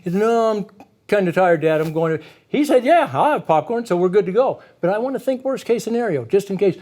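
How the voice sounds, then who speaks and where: High-voiced middle-aged man, playful presenter. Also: lively intonation, fairly quick, darkish tone. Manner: acts out family scenes, chuckles often. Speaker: parenting and reading presenter. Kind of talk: humorous workshop talk to parents.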